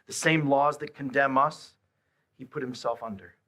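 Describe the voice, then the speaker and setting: Bright, forceful male preacher. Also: medium pitch, steady tone, moderate pace. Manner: dynamic, swings from hushed to loud emphatic questions. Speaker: pastor. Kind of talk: sermon.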